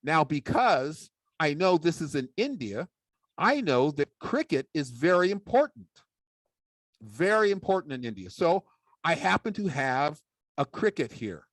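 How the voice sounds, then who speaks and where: Playful man with a lively voice. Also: a little high, measured pace, no room sound. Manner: playful, mock-serious. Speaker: public speaking champion giving a talk. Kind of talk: humorous speech with ventriloquism.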